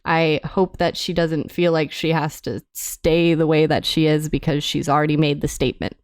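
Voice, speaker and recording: A woman's voice: deep voice, flat delivery, normal speed, dry recording, studio quality. A woman co-hosting a podcast in casual chat, earnest and hesitant, with many ums and restarts. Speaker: podcast co-host.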